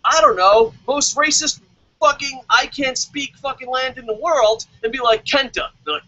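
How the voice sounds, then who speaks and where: A high-pitched, excitable adult man who calls himself old hosts a wrestling vlog from his home in Tokyo, delivering a profane comedic rant at normal speed. He is loud, swears constantly, and acts out mocking voices; the audio has no echo but the highs are cut off.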